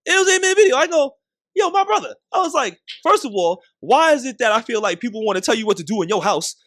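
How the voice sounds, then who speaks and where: A man's voice: very high-pitched, expressive, very fast, fairly bright tone, no room sound, studio quality. A man hosting a podcast in casual, slangy chat, laughing often, with a Boston accent. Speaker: podcast host.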